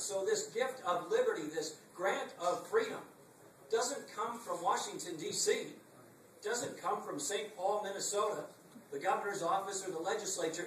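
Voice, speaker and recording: Middle-aged man, higher pitch, emphatic political speaker, echoey room recorded from afar. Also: fairly bright tone, distant mic, slight background noise. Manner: emphatic, rhetorical repetition, wry asides. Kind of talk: campaign stump speech. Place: packed meeting room.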